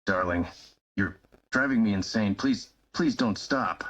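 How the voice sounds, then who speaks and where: Romance role-play read: man as a reserved young lover, low-pitched, husky, breathless and pleading. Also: measured pace, fairly bright tone. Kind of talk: first-person romance role-play reading. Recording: dull lo-fi sound.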